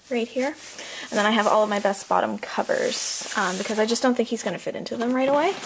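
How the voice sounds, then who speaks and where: Touring her home nursery on camera, a young female vlogger chats while out of breath, scattering ums and likes and letting sentences fade as she walks. Her pitch is fairly high, and there's a little hiss or hum in the audio.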